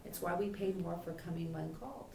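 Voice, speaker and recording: A woman's voice: fairly low pitch, steady tone, brisk, vocal fry, darkish tone. A woman dog trainer teaching a puppy class in a chatty way, voicing the dog's thoughts. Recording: echoey room from far off, faint noise.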